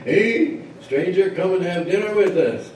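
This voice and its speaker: A man voicing villagers and hunters from a told legend, who holler out their invitations in raised, high calls. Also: unhurried, darkish tone, slight background noise. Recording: very echoey church hall, mic far off.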